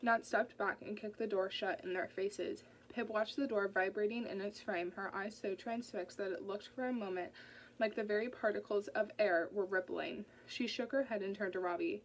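A woman reading a novel aloud as an audiobook narrator, in a steady storytelling manner. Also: mid-range voice, moderate pace, a little hiss or hum, poor audio.

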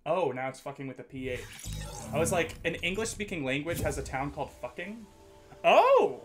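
A man streaming a video game, chatting casually and excitedly with viewers, with lots of swearing and jokes. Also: on the high side, fairly quick, soft background music. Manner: excitable, swears a lot, jokey. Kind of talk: casual gaming livestream chat.

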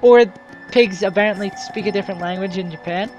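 A young woman hosting a let's play, chatting excitedly and stumbling over her words as she comments on a game. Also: mid-range voice, fairly quick. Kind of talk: casual gameplay commentary. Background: faint game music.

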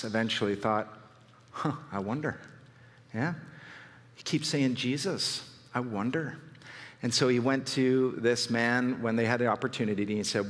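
A man's voice: medium pitch, a bit bright. A man preaching a sermon as pastor, telling stories and rising to fervent emphasis. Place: church hall. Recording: long hall reverb.

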